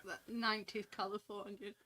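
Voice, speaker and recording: A woman's voice: mid-range voice, flat delivery, normal speed, sharp tone. A woman with a Yorkshire accent in casual chat, laughing often and giving short replies.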